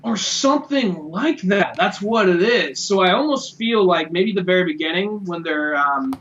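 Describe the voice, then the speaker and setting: A man's voice: high voice, normal speed, a bit bright, muffled recording. A man co-hosting a podcast, rambling casually about a movie with lots of fillers and swearing. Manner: rambling, profane, many fillers. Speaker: podcast co-host.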